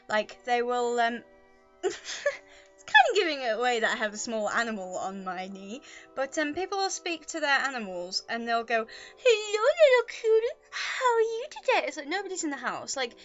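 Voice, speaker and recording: Sing-song and a little high, the woman speaks at normal speed through lo-fi audio. She's a vlogger rambling casually to the camera from home with a pet in her lap, poking fun at herself as she chats, while choir music plays quietly.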